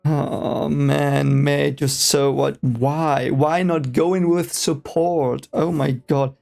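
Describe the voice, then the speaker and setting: A man's voice: on the high side, flat delivery, slow, creaky, darkish tone, soft background music. A man whose first language is German, casually reading a book aloud for the first time and reacting with rambling, hesitant, exasperated asides.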